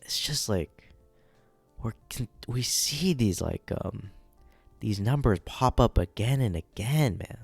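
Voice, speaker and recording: A man's voice: lowish voice, lively intonation, slow pace, creaky, husky, dry recording, soft background music. A man giving casual, rambling commentary on a manga during a live reading, often checking in with the audience. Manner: rambling, keeps checking in with "right?".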